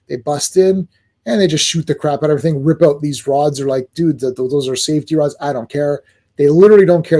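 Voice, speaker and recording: Excitable man with a mellow voice. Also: on the high side. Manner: excitable, animated, acts out quotes. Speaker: comic book reviewer. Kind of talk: casual video review.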